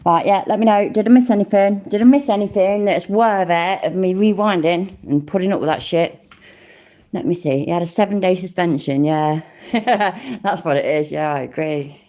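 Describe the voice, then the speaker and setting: A woman in her forties chatting casually on a livestream, reading chat out, swearing a lot and exclaiming loudly. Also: on the low side, moderate pace. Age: 40s. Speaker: livestream host.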